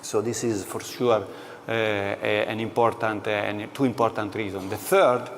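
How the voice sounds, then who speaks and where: The echo of a large hall trails this company executive's words, with a faint hum beneath. He is a man of ordinary pitch, answering interview questions in a steady tone, slow and deliberate, pausing often and using many fillers.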